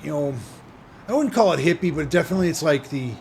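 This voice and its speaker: A man's voice: a little high, expressive, fast talker, vocal fry. Guy yapping casually while racing in a game, loose rambly talk, engine noise all over it. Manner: rambling, chatty, self-interrupting. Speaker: gaming channel host. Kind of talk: casual let's-play commentary. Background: race car engine sounds.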